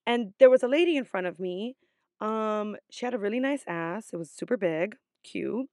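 A woman's voice: mid-range voice, animated, normal speed, no room sound, clean studio sound. A young adult woman vlogger telling a story in a casual, chatty way, full of swearing and "like" fillers.

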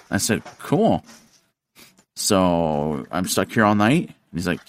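A man hosting a podcast, telling a story in casual chat, animated and profane, acting out the voices of the people in it. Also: sits low, a little slow, slight background noise. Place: studio.

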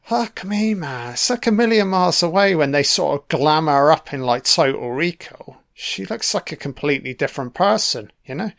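A man's voice: fairly high pitch, expressive, normal speed, vocal fry, hardly any pauses, fairly bright tone. A man giving a casual, profanity-filled commentary on a film, reacting to scenes as they play. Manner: heavy swearing, chatty reactions.

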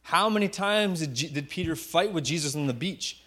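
A man preaching a sermon, retelling a Bible story vividly and often dropping to a hushed voice for effect. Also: on the high side, animated, moderate pace. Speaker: pastor.

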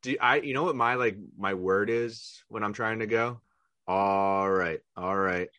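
A man co-hosting a podcast in casual comedic chat, easygoing and quick to laugh, steering the topics. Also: mid-range voice, pushed and bright, no room sound. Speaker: podcast co-host.

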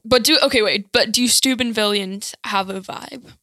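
A woman chatting casually as a podcast guest, curious and quick to laugh. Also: a little high, bright, forceful tone. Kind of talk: casual chat.

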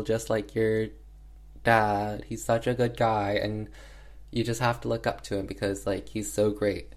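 A man's voice: lowish voice, darkish tone. A man casually retelling an old film's plot in a slangy, chatty way, full of "um" and "like", offhandedly voicing the characters. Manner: chatty, filler-heavy with frequent "um" and "like". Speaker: film reviewer. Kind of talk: casual film recap.

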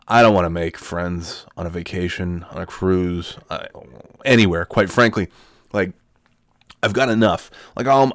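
Middle-aged guy ranting on his podcast, low gravelly voice, dry close sound, swears a lot. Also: dry recording. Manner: profane, exasperated ranting. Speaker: podcast host. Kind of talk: solo podcast rant. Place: home room.

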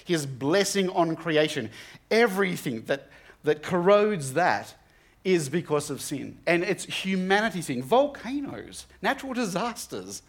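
A man's voice: fairly high pitch, sing-song, unhurried, slightly rough. A young man giving an earnest, conversational Bible talk to students, often restarting his sentences. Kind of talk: sermon.

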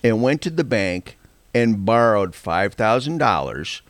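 An older man telling a long story in a casual, animated way, acting out the voices of the people he quotes and laughing often. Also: fairly low pitch, a little slow, dry recording.

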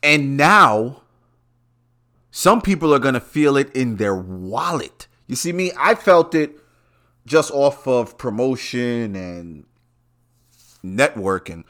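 A man hosts his own podcast in a loose, swearing rant. His pitch swings widely as he talks, and he jumps from mutters to sudden loud, high bursts. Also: expressive, takes it slowly, pauses often. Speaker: podcast host. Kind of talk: casual ranting monologue.

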